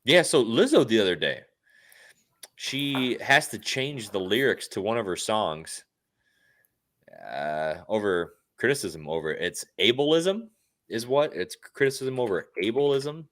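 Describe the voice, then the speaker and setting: A man's voice: mid-range voice, lively intonation, measured pace, a bit bright. A man co-hosting a casual podcast who asks incredulous, questioning things. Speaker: podcast co-host.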